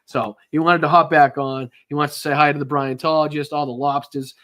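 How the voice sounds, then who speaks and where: A man's voice: fairly high pitch, fairly even intonation, fairly quick, a bit bright. A man hosting a political podcast live from home, chatting loosely, swearing and thanking viewers. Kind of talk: casual live-stream chat.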